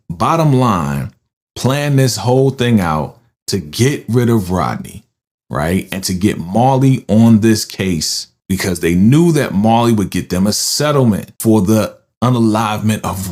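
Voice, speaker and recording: Man, lowish voice, casual movie recap host, animated storyteller, keeps checking in with the listener. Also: a little slow. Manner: animated storytelling, frequent "right?" tag questions.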